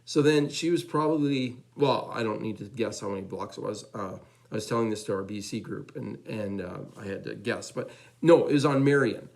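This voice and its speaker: A man giving a storytelling testimony at church, animated and chatty, acting out the dialogue of the people in his story. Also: lowish voice, brisk, vocal fry, rough recording. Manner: loose and chatty, repeats fillers. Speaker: church member giving a praise report.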